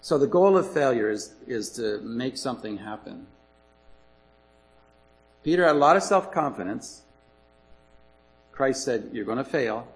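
A man's voice: mid-range voice, animated, takes it slowly, long pauses, rough recording. A man preaching a sermon in an earnest, emphatic way, repeating his key points.

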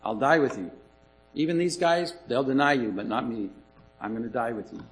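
A man's voice: medium pitch, animated, brisk, lightly acted, low-quality recording. A man voicing the apostle Peter in a sermon retelling, brashly protesting that he will never deny his master. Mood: insistent. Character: impulsive insistent apostle Peter, adult man.

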